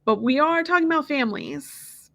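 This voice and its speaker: A woman with a fairly high voice chats casually as a podcast co-host. She is blunt and opinionated, firing off quick asides. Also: expressive, creaky, fairly bright tone, muffled recording. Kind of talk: casual recap chat.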